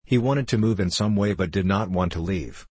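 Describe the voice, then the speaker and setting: Deep-voiced male audiobook narrator. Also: moderate pace, darkish tone, breathy edge, dry recording. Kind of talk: scripted narration.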